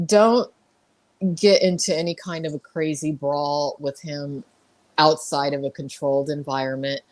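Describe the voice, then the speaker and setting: A woman hosting a podcast gives measured advice in casual chat, often stumbling and repeating her words. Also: sits low, steady tone, darkish tone. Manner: measured, hesitant, repeats words while reassuring. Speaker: podcast host.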